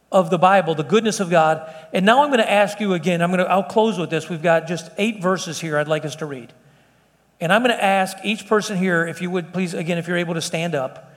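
High-voiced man preaching in an echoing hall. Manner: conversational and rambling, with restarts, joking asides. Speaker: preacher leading a Bible study. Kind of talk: informal sermon. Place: church hall with slides. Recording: long hall reverb.

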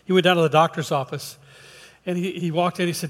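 A man's voice: on the high side, steady tone, fast talker. A man preaching in a church, telling a folksy joke and then leading a prayer with hesitant restarts. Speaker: lay preacher. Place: church sanctuary. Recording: long hall reverb.

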